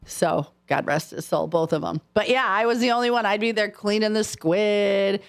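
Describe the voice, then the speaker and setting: A woman's voice: medium pitch, normal speed, vocal fry, clear, resonant tone. A woman from the United States co-hosting a morning radio show, chatty and upbeat, telling stories. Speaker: radio co-host. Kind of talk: casual morning radio banter.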